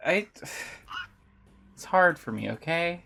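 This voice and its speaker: A woman streamer in easy gaming chat, talking slowly with a gravelly fry. Her tone is bright and her pitch moves in wide swings. She fumbles for words and giggles often. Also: animated. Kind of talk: casual chat while gaming.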